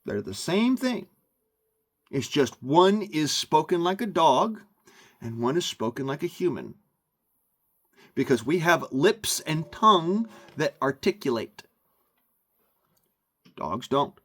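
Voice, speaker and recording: A man's voice: on the high side, very animated, slow pace, pauses often. A man ranting into the camera for his vlog, emphatic and meandering, often repeating himself. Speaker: vlogger. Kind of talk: rambling rant to camera.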